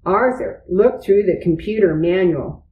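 A woman slowly reading a children's storybook aloud. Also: on the low side, reverberant, phone-quality sound, slight background noise. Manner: slow, deliberate. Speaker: reader.

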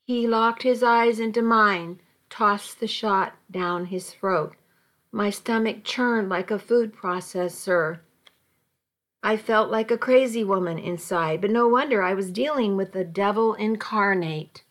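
A woman's voice: mid-range voice, measured pace, a bit bright. A woman narrating a first-person story with dramatic, emotional delivery.

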